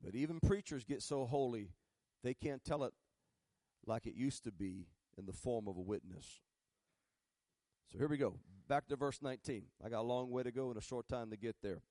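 A man's voice: mid-range voice, animated, normal speed, mellow, no room sound, studio quality. A male pastor preaching a sermon in a folksy way, building to emphatic, rising bursts and spelling out words. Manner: folksy, uses "ain't" and humor.

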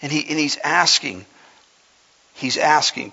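Fervent preacher with a gravelly voice. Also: male voice, on the high side, animated, normal speed, pushed and bright. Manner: fervent, builds to hollering, folksy asides. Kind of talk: sermon. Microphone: microphone. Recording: reverberant hall, dull lo-fi sound.

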